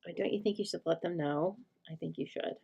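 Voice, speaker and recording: Brief: middle-aged woman host, low gravelly voice, casual step-by-step craft teaching. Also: a little fast, dark tone. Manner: chatty, teaching step by step, breaks off to talk to her dog. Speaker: host of live stamping show. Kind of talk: live crafting demonstration.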